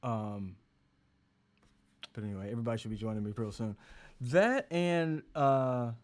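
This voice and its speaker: A man's voice: mid-range voice, normal speed. A man hosting a casual livestream chat, rambling and joking loosely. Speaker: host.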